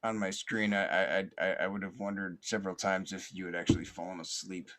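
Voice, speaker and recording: A man hosting a podcast, reflecting in a slow, halting way with many fillers and restarts, in a soothing, almost sleepy cadence. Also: sits low, fairly even intonation, fairly bright tone. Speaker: podcast host.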